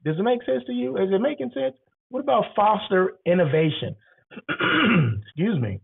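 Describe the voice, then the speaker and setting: A man giving casual advice on running hotels, rambling and asking the listener questions, his throat catching as he clears it now and then. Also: high-pitched, big pitch swings, moderate pace. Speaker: hotel industry host. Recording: tinny phone-like audio.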